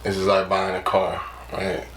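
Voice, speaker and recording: A man hosting a podcast in casual chat, animated and jokey, acting out little scenes as he talks. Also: deep voice, moderate pace, distant mic, a little hiss or hum. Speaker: podcast host. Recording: roomy echo, voice a bit off mic.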